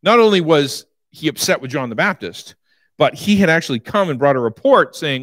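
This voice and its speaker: A male preacher delivering a sermon with a lively, up-and-down delivery and a fairly high voice. He tells the story with animation, and the sound is dry and close. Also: a little fast, dry recording.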